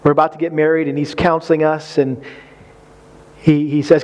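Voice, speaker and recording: Folksy high-voiced preacher man. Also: steady tone, a little fast, darkish tone. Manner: conversational, folksy, with acted-out quotes and humor. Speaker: preacher speaking on marriage. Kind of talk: sermon.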